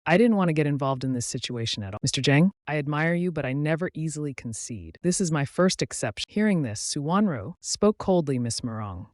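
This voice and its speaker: A man reading a drama story recap as narrator, voicing every character's lines in the same even voice. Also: fairly high pitch, fairly quick, hardly any pauses, no room sound, studio quality.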